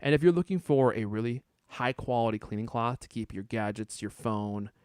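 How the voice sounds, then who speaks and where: A man hosting a podcast in casual chat, joking and animated, stumbling over fillers and restarts. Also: medium pitch, normal speed, smooth, no room sound, studio quality. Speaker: podcast host.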